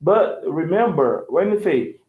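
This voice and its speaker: A man whose first language is Portuguese gives a loose, lively English lesson, repeating himself and acting out examples. His voice sits a little high. It sounds thin and phone-like, with a roomy echo around it. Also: unhurried. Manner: animated, repeats words, acts out quotes. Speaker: English teacher. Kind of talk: casual lesson commentary.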